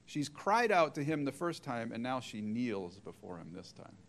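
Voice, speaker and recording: A man's voice: medium pitch, big pitch swings, normal speed, a little hiss or hum. A middle-aged man preaching a sermon, retelling a story and acting out the quoted voices.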